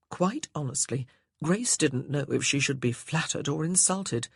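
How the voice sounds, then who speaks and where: A man narrating a historical romance audiobook in a measured, even storytelling manner. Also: fairly high pitch, gravelly, breathy edge, no room sound, studio quality. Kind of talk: scripted narration.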